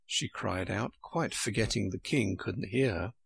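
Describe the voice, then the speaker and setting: Man with a gravelly, husky voice, reading a storybook. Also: fairly low pitch, unhurried, no room sound. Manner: expressive, storytelling cadence. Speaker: narrator. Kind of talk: audiobook narration.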